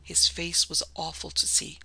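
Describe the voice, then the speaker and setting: A reader voicing a frightened woman missionary who recounts her ordeal in a hushed, earnest way, as in an audiobook. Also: medium pitch, measured pace, gravelly, breathy edge, dry recording, exaggerated voice, low-quality recording. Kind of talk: audiobook reading.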